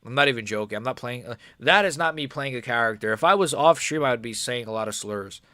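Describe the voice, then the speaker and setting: Young male streamer, rambling frustrated fight reactions, dry close mic, mid pitch. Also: fast talker, bright, forceful tone, no room sound. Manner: frustrated, profane, rambling with many fillers. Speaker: livestreamer watching a fight. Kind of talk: casual live-stream reaction commentary.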